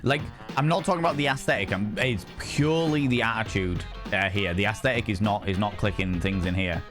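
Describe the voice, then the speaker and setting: Sweary, excitable male streamer. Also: lowish voice, fairly quick, over music. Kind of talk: casual game commentary.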